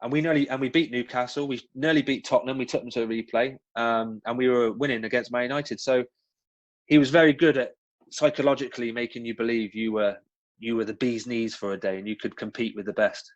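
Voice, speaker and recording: A man with a West Country accent tells stories in a loose, chatty way, full of ums and little restarts. His voice sits at a middling pitch. The recording sounds a bit dull and lo-fi. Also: a little fast, no echo. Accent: West Country English. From West Country of England. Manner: chatty, frequent ums and restarts, animated storytelling. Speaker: guest, former professional footballer. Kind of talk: casual interview answers with anecdotes.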